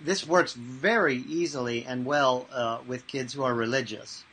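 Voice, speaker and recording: A mental toughness trainer answers interview questions and tells lively anecdotes, animatedly acting out the voices in them. He's a man with a husky, medium-pitched voice and a moderate pace, on a rough recording.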